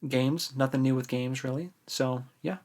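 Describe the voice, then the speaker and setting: A man's voice: medium pitch, steady tone, moderate pace, a little mellow. Easygoing enthusiastic man podcaster. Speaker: podcast co-host. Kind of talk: casual chat.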